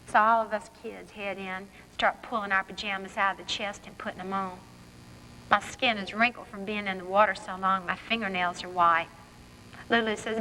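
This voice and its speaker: Woman reads her fiction at a podium, clear bright voice, big hall, faint hiss. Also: mid-range voice, steady tone, moderate pace. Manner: vivid first-person storytelling. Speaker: author. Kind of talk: reading her fiction aloud. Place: college forum hall. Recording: reverberant hall, faint background noise.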